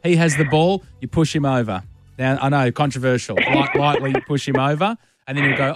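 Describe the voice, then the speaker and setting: Playful Australian radio co-host. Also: male voice, medium pitch, fairly quick, over loud music. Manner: playful, joking. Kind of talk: casual radio banter. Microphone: studio microphone.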